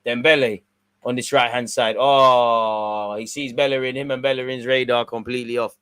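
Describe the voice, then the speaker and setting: A man's voice: mid-range voice, moderate pace, clean tone. Slangy man. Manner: casual slangy banter, swings between excited and mumbled. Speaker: watch-along streamer. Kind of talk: live watch-along football commentary.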